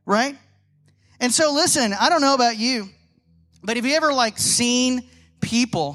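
A man preaching a sermon to a congregation, telling animated stories and asking rhetorical questions. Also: very high voice. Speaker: pastor.

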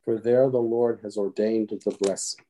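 A man reciting alternate psalm verses in a responsive morning prayer, in a steady, solemn way. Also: lowish voice, moderate pace. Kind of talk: liturgical responsive reading.

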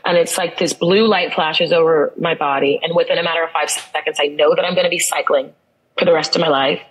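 Earnest low-voiced woman telling her story. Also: fairly even intonation, a little fast, breathy edge, rough recording. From United States. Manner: earnest, building to emphatic repetition. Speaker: guest. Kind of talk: storytelling interview.

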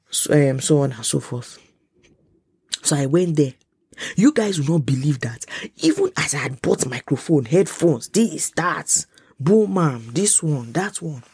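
Husky Nigerian woman, podcast host. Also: sits low, dry recording. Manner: animated, often dropping to a whisper. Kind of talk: casual solo podcast talk. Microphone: close podcast mic.

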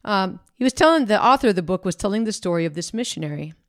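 Woman, devotional podcast host, storytelling, conversational, fillers and restarts, acts out quotes, medium pitch. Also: fast. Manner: animated storyteller who acts out the people she quotes.

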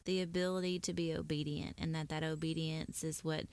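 Lower-voiced woman hosting a podcast. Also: level tone, brisk, darkish tone, clear, resonant tone. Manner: affirming, frequent agreeing murmurs. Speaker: podcast host. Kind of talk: casual conversational interview.

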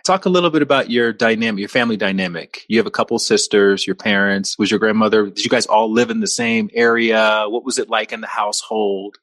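A man's voice: fairly low pitch, a little fast, hardly any pauses, a bit bright. A man hosting a podcast who introduces his guest and then interviews her in a friendly, teasing way. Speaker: podcast host. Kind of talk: casual interview.

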